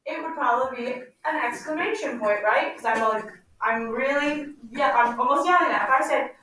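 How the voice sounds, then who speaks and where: A woman teacher leading a class with call-and-response questions, slowing down to stress key words. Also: high voice, sharp tone. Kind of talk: classroom instruction. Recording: echoey room, mic far off, faint noise.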